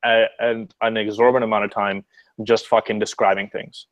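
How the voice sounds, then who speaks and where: A man with a lowish voice talks fast as a guest over a video call. His delivery is casual and profane, and he keeps restarting sentences. The sound is dry and close. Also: flat delivery, no echo, muffled recording. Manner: rambling, profane, frequent restarts. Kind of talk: casual chat.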